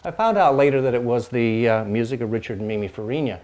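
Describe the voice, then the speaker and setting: A Pacific Northwest host who plays dulcimer, an older man, recalls how he got into music, speaking quickly at an ordinary middle pitch with a darkish tone. He meanders, repeats himself, restarts sentences and uses fillers, now and then breaking off to strum chords.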